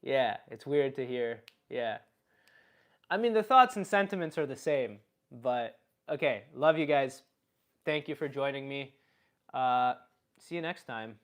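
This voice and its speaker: A man from Canada chatting casually on a live stream in his own voice, relaxed and a bit hesitant. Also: medium pitch, unhurried. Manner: relaxed, hesitant, musing aloud.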